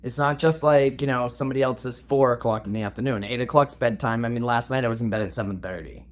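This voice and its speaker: Guy cohosting a podcast, dry jokey asides, middle pitch. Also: fast. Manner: dry, teasing quips. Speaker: podcast co-host. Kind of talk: casual chat.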